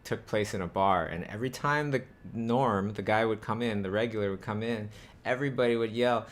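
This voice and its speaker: Low-ish guy hosting a chat, rambly, lots of ums and likes. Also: fairly quick, hardly any pauses. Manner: rambling, thinks aloud with many fillers. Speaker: host. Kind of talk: casual group chat.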